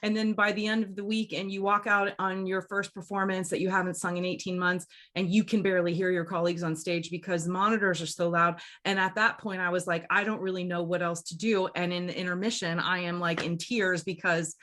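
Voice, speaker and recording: A woman's voice: on the low side, little pitch movement, brisk, few pauses, fairly bright tone. A woman opera singer co-hosting a podcast, telling a story in casual chat, candid and emotional, swearing freely.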